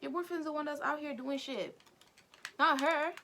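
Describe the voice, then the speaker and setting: A woman vlogger retelling a story in casual chat while doing her makeup, talking in an animated, chatty way and acting out characters' lines. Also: sits high, moderate pace, a little hiss or hum. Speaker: vlogger recapping an anime.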